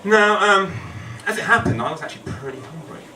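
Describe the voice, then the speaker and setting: A man's voice: high-pitched, expressive, fairly quick, pushed and bright. A man telling a true story on stage at a storytelling night, rambling and self-deprecating with humour. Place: event hall. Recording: echoey hall, distant mic, noisy.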